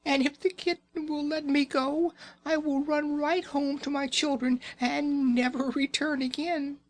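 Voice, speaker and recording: A man voicing a tiny, timid female mouse in a high, squeaky, pleading voice for a storybook reading. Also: level tone, unhurried.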